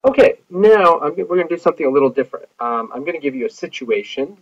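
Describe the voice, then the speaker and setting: A man's voice: fairly high pitch, lively intonation, fast talker. A man teaching Spanish grammar in a recorded lecture, explaining patiently with many fillers. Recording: tinny phone-like audio.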